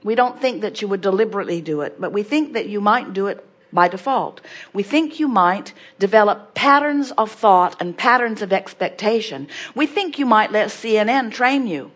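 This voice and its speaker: A woman's voice: mid-range voice, expressive, moderate pace. A woman giving an inspirational talk to an audience, emphatic and repetitive, asking rhetorical questions and speaking of herself as "we".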